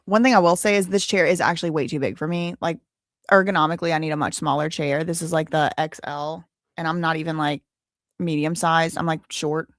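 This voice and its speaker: A woman's voice: low-pitched, steady tone, a little fast, dry recording, clean studio sound. A woman in her thirties chatting casually with viewers on her livestream, rambling with many fillers. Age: 30s. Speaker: livestream host. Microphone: desk microphone with headphones.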